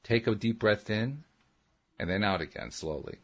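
A man voicing a calm, patient female counselor who gives slow, soothing instructions in an audiobook. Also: on the low side, creaky. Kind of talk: audiobook character reading.

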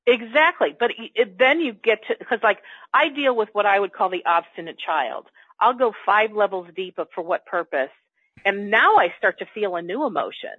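A woman's voice: medium pitch, expressive, normal speed, husky, dry recording. A woman coach in an earnest, conversational self-help talk, sometimes acting out her own inner dialogue. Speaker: coach working with clients. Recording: tinny phone-like line, dry.

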